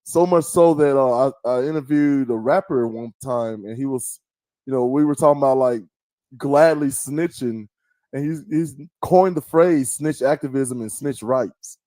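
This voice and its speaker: A middle-aged man hosts a podcast in a casual, chatty way. He tells stories and slips into voices to mimic people. His voice sits at a middle pitch in a dry studio. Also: a little slow, mellow, dry recording. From American South. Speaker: podcast host. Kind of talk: casual chat.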